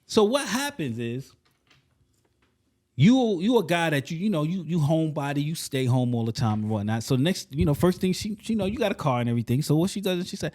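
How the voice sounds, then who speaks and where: A man's voice: fairly high pitch, expressive, fairly quick, a little mellow. A man co-hosting a casual podcast, telling emphatic stories and acting out the dialogue. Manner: emphatic storyteller, acts out dialogue. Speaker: podcast co-host.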